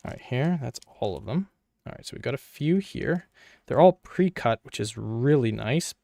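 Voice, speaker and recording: Man, mid-pitched, playful self-talking commentary, dry close sound. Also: animated, moderate pace, vocal fry, warm tone, no echo. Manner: playful, jokey, talks to himself and viewers. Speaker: PC hardware video creator. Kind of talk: casual running commentary while working.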